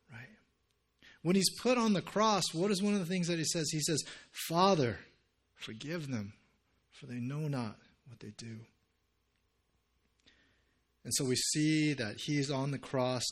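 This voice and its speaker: A man preaching a sermon in an earnest, conversational way, dropping into hushed, intimate passages. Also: fairly high pitch. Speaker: pastor.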